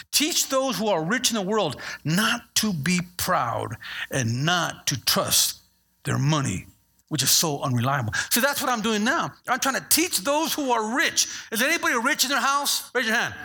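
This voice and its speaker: A man's voice: sits high, breathy edge. A middle-aged male pastor preaching a sermon, acting out voices and asking the congregation questions. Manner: animated, acts out voices, asks the congregation questions.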